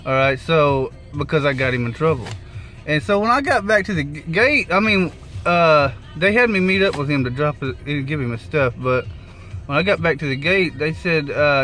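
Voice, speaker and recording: A man telling a rideshare story in a casual vlog, animated and swearing freely as he acts out the quotes. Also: fairly high pitch, moderate pace, faint music behind. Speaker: rideshare driver vlogger.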